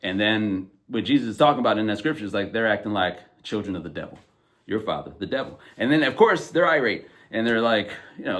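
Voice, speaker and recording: A man with a somewhat low voice talks about faith as a podcast host. His delivery is emphatic and conversational, full of fillers and asides to his listeners. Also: expressive, fast, a bit bright. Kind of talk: casual faith commentary.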